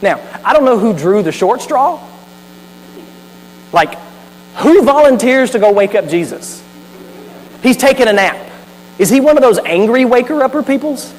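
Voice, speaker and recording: A man's voice: extremely high pitch, animated, moderate pace, pauses often, a little mellow. A man preaching a sermon as a pastor, telling the story animatedly with asides. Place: church sanctuary. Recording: hall reverb with faint mains hum.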